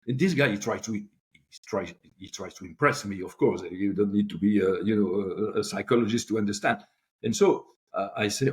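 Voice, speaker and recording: An older man, a podcast guest telling animated stories with many restarts. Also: lowish voice, normal speed. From Europe. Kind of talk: anecdotal storytelling.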